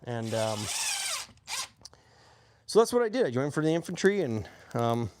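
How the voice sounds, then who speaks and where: A man's voice: medium pitch, unhurried. A man in his forties, an army veteran, telling his own story in a casual, plainspoken way with faint hum behind him. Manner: plainspoken, animated when quoting others.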